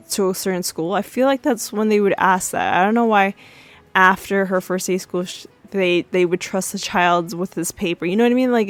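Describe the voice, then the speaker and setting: A woman hosting a podcast recaps a TV episode in a chatty way with many fillers, acting out the characters' yelled quotes. Her voice is mid-range.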